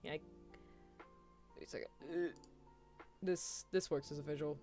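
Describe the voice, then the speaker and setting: A young British woman streaming, her voice sitting a touch low for a woman. She chats casually in an animated, rambling way and laughs easily, with faint music underneath. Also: a little slow. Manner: chatty and animated, with frequent laughs and apologies. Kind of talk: casual chat.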